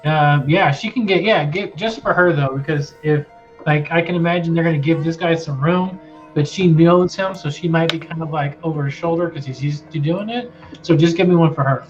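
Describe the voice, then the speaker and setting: Rambling game master, slightly high voice. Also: male voice, brisk. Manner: loose and rambling, many fillers. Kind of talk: narrating a tabletop game. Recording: lo-fi with faint music.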